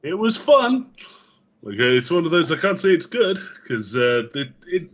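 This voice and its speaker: A man's voice: fairly high pitch, very animated, normal speed, a bit bright, muffled recording. A man co-hosting a podcast, talking in an easygoing, casual way with hesitant starts. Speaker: podcast co-host. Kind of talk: casual chat.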